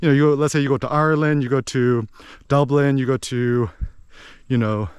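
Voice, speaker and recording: A young American man talking casually about learning languages, animated and digressive, full of asides and tag questions. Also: medium pitch, fairly quick, clean tone, no room sound, clean studio sound. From United States. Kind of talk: casual explanatory monologue.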